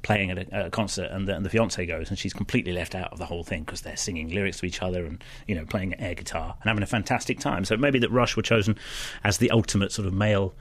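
A man's voice: low-pitched, fairly even intonation, fast talker, hardly any pauses. A man reviewing films in casual radio chat, rambling and opinionated with many restarts. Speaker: film critic.

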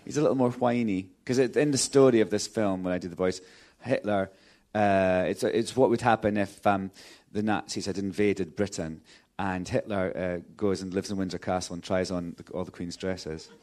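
A man's voice: low voice, fairly even intonation, moderate pace, hardly any pauses, darkish tone. A male actor, a guest on the show, chatting casually in a cinema screening room, laughing often and rambling through his answers with many restarts. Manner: giggly, playful, rambling with restarts. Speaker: actor guest, festival jury member. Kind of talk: casual chat.

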